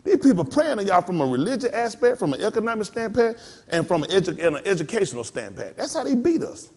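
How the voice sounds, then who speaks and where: With a high, husky voice and a fast way of talking, this pastor preaches animatedly in a folksy style. He drops into mock voices and shares laughs with the congregation.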